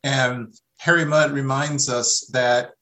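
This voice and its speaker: A man's voice: medium pitch, steady tone, slow pace, pushed and bright. A man chatting enthusiastically on a podcast panel, sometimes stumbling over repeated words. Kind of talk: casual panel chat.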